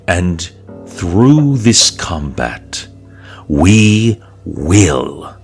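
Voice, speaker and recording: A man voicing a commanding female drow high priestess addressing a crowd in measured, grand tones. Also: full character voice.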